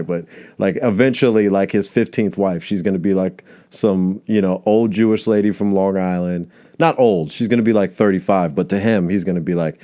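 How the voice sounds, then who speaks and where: A man's voice: sits low, moderate pace, dark tone. A male comedian hosting a solo podcast, rambling from tangent to tangent and swearing casually.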